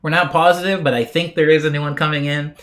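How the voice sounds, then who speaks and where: A man's voice: a little high, fast talker. Chatty male streamer reading chat. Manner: relaxed, chatty, reads chat aloud with small laughs. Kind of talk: casual live-stream chat.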